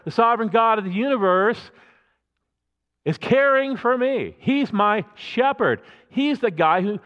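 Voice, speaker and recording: In a conversational, emphatic sermon, a male pastor keeps halting and restarting his sentences. His fairly bright voice runs a little high for a man, with lively intonation and a slightly slow pace. The recording is dull, washed in a long reverb from the hall.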